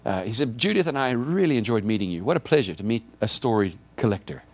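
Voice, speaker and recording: A man preaching as a pastor, spinning a personal story with a lively, swooping voice. He acts out the dialogue and jumps his pitch up high for the other voices. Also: fast talker. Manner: animated, acts out dialogue with God in raised voices. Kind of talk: storytelling sermon.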